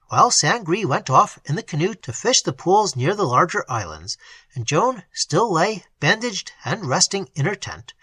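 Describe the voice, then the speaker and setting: Expressive, breathy-voiced audiobook narrator. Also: mid-range voice, no room sound. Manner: expressive storytelling. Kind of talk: scripted narration.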